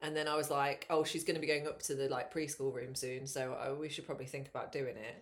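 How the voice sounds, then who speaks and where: A woman, co-hosting a casual podcast chat, animated and swearing freely. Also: very deep voice, quick pace. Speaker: podcast co-host.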